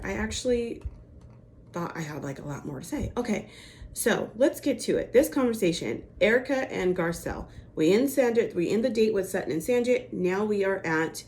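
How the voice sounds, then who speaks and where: A woman's voice: mid-range voice, darkish tone, slight background noise. A woman giving a casual, chatty recap of a TV episode, full of "like" and "you know" and acting out the quotes. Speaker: reality TV recap host.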